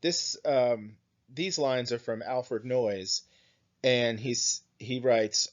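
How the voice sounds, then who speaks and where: In this muffled recording, a man with a mid-range voice teaches an English class, working through poems and song lyrics. He speaks slowly, thinking aloud with plenty of "um" and frequent "right?" checks, and reads lyrics and verse aloud. It is a recorded lecture.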